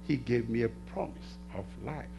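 A middle-aged man preaching a sermon in a church, asking the congregation to finish his sentences and swinging between hushed and loud passages. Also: medium pitch, moderate pace, creaky, over music. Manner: call-and-response questions to the congregation. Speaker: pastor.

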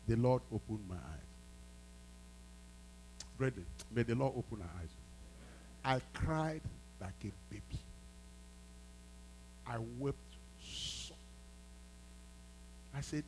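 A man's voice: medium pitch, sing-song, measured pace, long pauses, pushed and bright, a little hiss or hum, rough recording. A man preaching a sermon as a pastor, emphatic, repeating phrases and prompting his congregation.

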